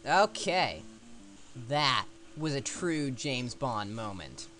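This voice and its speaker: A man's voice: medium pitch, sing-song, slow, sharp tone. A man giving casual let's-play commentary, rambling and mocking himself as he plays. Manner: rambling, self-mocking asides.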